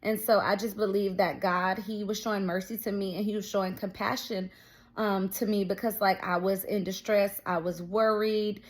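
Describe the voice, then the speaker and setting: A young woman talking straight to her viewers as she shares a personal faith testimony. She tells it casually, fills it with "like" and "um", and acts out what everyone said. Her voice sits at an everyday middle pitch. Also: flat delivery, normal speed. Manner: storytelling with many fillers, quoting others. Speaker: faith vlogger.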